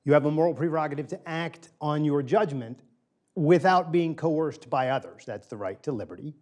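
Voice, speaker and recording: A man's voice: fairly high pitch, normal speed, darkish tone. A middle-aged man lecturing a small group in a room. His talk is loose and conversational, and he repeats key phrases to drive them home. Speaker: guest lecturer. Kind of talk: informal philosophy lecture. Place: small room with a live audience.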